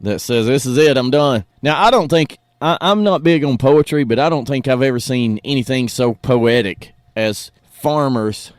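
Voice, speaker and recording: A man's voice: medium pitch, moderate pace, few pauses, no echo. A man hosting a morning radio show, folksy and opinionated, talking from a studio. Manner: folksy, animated, opinionated, says "y'all".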